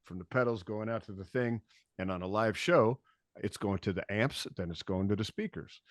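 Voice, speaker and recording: A man telling a story as a podcast guest in casual chat, animated, acting out quotes and swearing freely. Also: on the low side, moderate pace, no room sound, clean studio sound. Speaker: podcast guest, bass tech.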